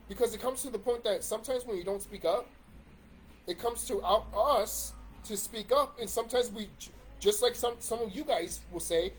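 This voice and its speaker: A man's voice: high voice, moderate pace, slight background noise. A man in a casual ranting monologue about video games, swearing and rambling with restarts. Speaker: YouTube commentator.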